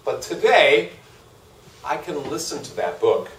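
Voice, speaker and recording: A man giving a live university lecture, animated and asking his audience questions. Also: a little high, unhurried. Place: lecture hall. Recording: echoey hall, speaker far from mic.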